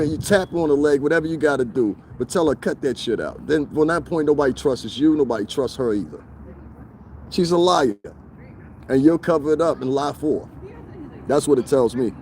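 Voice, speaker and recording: A man's voice: mid-range voice, darkish tone. A man livestreaming outdoors by a street, ranting to his viewers in a mocking, confrontational way and laughing often. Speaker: livestreaming vlogger. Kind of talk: casual livestream rant to viewers.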